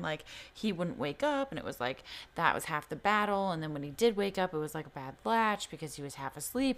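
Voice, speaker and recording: A woman's voice: low voice, fairly bright tone. A young woman telling a personal story in casual podcast chat, candid and swearing freely, full of "like" fillers. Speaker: podcast co-host.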